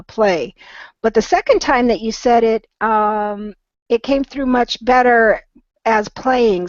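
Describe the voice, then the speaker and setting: A patient woman with a slightly high voice gives an online English pronunciation lesson, slowing down to model each word and offering gentle encouragement. The recording is dry and close, with a somewhat dull, lo-fi tone.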